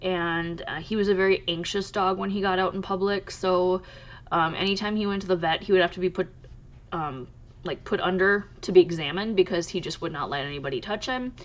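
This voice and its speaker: A woman hosting a crochet channel, talking casually to camera in a soft, halting way with many pauses and restarts. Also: fairly low pitch, dull audio.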